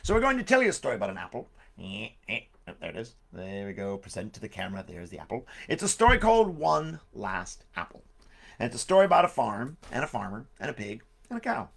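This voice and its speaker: Jokey man telling stories, gravelly voice. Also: fairly low pitch, wildly swooping pitch, fast talker, a bit bright. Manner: jokey, rambling asides. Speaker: storyteller. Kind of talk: live-streamed storytelling for kids.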